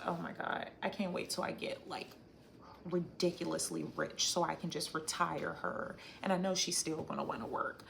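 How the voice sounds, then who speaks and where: A woman chats through a livestream, reading out her viewers' comments and thinking aloud about them. Her voice sits a little low and carries a gravelly edge, with a faint hum of noise behind her. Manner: chatty, reflective, thinks aloud with restarts. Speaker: livestream host. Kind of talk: casual live chat reading viewer comments.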